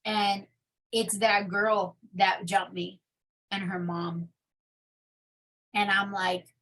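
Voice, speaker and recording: A woman's voice: mid-range voice, level tone, very slow, pauses often, a bit bright, rough recording. Woman telling her testimony, chatty. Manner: candid storytelling with many fillers. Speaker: interview guest. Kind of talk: personal testimony.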